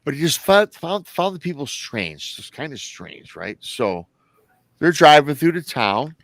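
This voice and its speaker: A man's voice: a little high, very animated, measured pace, a bit bright, no echo. A man from Michigan hosting a livestream, telling a story in a rambling, chatty way that often corrects itself. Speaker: host.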